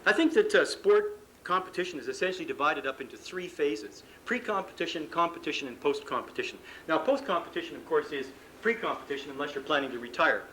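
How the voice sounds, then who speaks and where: A man's voice: on the high side, quick pace, few pauses, pushed and bright, a little hiss or hum, rough recording. A man giving a live seminar to coaches on sports psychology, talking conversationally, acting out exchanges between coach and athlete, and joking about himself. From Canada. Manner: conversational, acts out coach and athlete dialogue, self-deprecating humor. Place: conference room before an audience.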